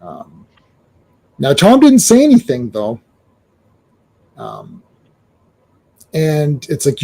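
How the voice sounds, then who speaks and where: A man hosting a casual comic book discussion, animated, with stammering restarts and acted-out quotes. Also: fairly high pitch, extremely slow, creaky, long pauses. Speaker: comic book show host.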